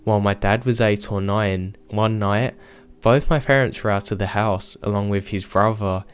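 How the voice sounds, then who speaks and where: Guy with a lowish voice reading creepy stories, steady scripted narration. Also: moderate pace. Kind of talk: scripted horror story narration.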